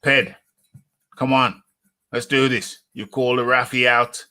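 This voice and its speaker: A man's voice: medium pitch, steady tone, takes it slowly, bright, forceful tone. A man hosting a live show in a casual, teasing way, who repeats himself for emphasis and talks about himself in the third person. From United Kingdom. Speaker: host.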